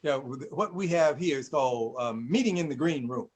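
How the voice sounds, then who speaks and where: A man's voice: mid-range voice, lively intonation, normal speed, background noise. A man hosting a casual conversation and telling stories with frequent laughter. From Mississippi, USA. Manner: storytelling, laughs often. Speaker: host.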